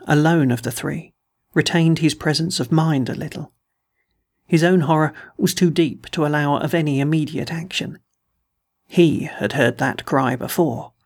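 Male audiobook reader, measured and dramatic, husky with a rough fry. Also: fairly high pitch. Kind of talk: scripted narration.

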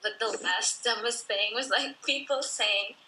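A young woman in her early twenties with a bright, forward voice, talking casually on a podcast. She rambles, restarts her sentences and laughs often. A faint hum of room noise sits behind her. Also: a little high, a little slow, poor audio. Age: young adult. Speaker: podcast co-host. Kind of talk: casual chat.

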